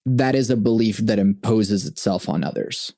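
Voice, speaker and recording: A man hosting a podcast, talking through his thoughts in a casual, halting way and laughing often. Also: fairly low pitch, creaky, warm tone, dry recording, studio quality. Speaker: podcast host. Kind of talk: casual conversation.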